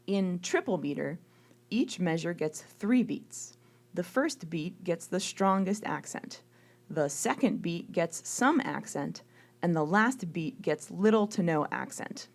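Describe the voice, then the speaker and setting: Female lecturer, lower register, steady scripted narration, counts beats aloud. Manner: clear, measured explanation, counting beats aloud. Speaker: music lecturer.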